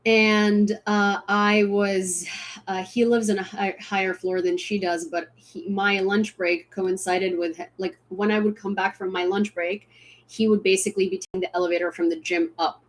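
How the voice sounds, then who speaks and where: A woman's voice: medium pitch, level tone, moderate pace. A young woman from Ukraine chats casually on a livestream. She rambles and restarts often, with plenty of fillers. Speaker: livestream host.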